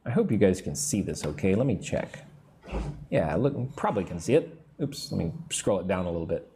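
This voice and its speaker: A man's voice: low-pitched, very animated, dark tone, a little hiss or hum. A man teaching English in a live online lesson, explaining grammar step by step and answering viewer comments. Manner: drawn-out, patient teacher delivery.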